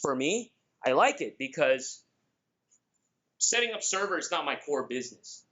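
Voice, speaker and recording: A man from the Philippines with a Filipino accent, giving a lively, joking conference presentation and talking straight to the audience. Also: fairly high pitch, moderate pace, highs cut off. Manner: energetic, joking, addresses the audience directly. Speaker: conference speaker. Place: conference room.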